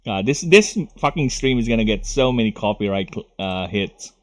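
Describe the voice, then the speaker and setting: A man's voice: lowish voice, animated, normal speed. A young Filipino man with a Filipino accent, chatting casually and profanely while streaming a video game, often drifting into rants. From Philippines. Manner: rambling, profane, goes off on rants. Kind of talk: live gaming stream chat.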